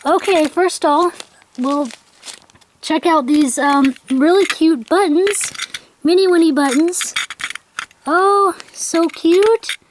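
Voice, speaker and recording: A young woman records an unboxing vlog with a bright, high voice. She gushes and gasps as she talks, often dropping to a quieter aside. A faint hiss of noise sits under the recording. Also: slow, long pauses, poor audio. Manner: gushing, breathless with excitement, many gasps; quiet aside voice while handling things. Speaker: vlogger.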